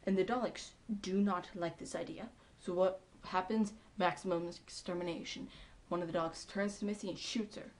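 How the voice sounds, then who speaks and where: This woman reviews a TV episode in a casual, excitable recap, her voice somewhat low-pitched. She's chatty, peppering her lines with ums and likes, and moves at a moderate pace with hardly any pauses.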